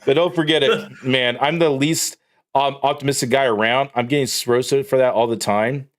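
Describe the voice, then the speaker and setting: A man's voice: mid-range voice, fairly even intonation, normal speed. A man live streaming, chatting casually in a rambling, profane, joking way.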